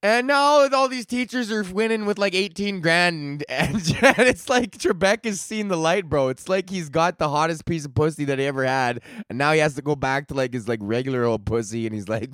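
A young man hosts a comedy podcast, talking in a loose, profane ramble full of stoner slang. His voice sits a little high. The sound is dry and close, with no room behind it. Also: normal speed, hardly any pauses, a bit bright, clear, resonant tone, no echo. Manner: crude, laughs at his own jokes, stoner slang.

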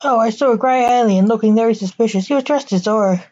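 A woman's voice: fairly high pitch, fast, darkish tone, lo-fi sound, natural voice. Woman doing a cheeky young apprentice girl. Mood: blunt.

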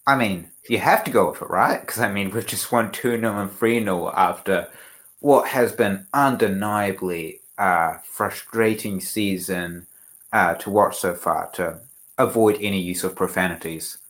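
Male co-host, low voice, jokey and self-mocking, casual fan chat. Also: a little slow, a bit bright. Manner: self-deprecating, laughs easily. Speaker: podcast co-host.

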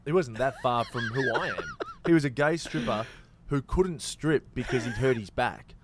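A man's voice: mid-range voice, moderate pace. A man with an Australian accent, a comedian and actor, talking in a loose, rambling way full of fillers and restarts. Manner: laid-back, rambling with many fillers and restarts. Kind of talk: casual chat.

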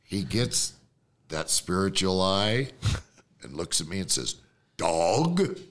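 Animated storytelling man. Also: low voice, measured pace. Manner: animated storyteller, acts out quoted voices. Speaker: guest. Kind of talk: storytelling in casual chat.

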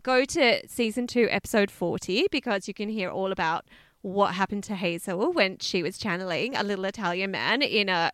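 Woman podcast co-host, lively storyteller, dry close mic, mid-pitched voice. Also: no echo. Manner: animated, swears, acts out quotes. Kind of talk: casual storytelling chat.

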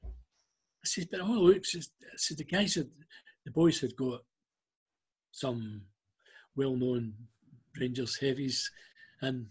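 A middle-aged Scottish man tells a long anecdote in a relaxed, chatty way, acting out the other people's lines as he goes. His voice is exceptionally smooth and clear at an ordinary male pitch. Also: slow, long pauses. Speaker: guest. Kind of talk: casual storytelling.

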